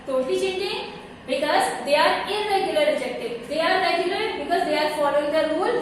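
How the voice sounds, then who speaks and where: A woman with a Pakistani accent teaching English grammar, spelling out letters and repeating her examples slowly. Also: sits high, slight background noise. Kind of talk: recorded classroom lesson. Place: classroom. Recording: echoey room, far from the mic.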